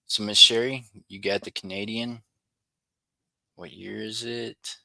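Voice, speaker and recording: Chatty man, bright and dry. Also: on the low side, unhurried, gravelly, dry recording. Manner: chatty, apologetic, excitable over finds. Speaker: livestream host searching coin rolls. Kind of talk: casual livestream chat with viewers.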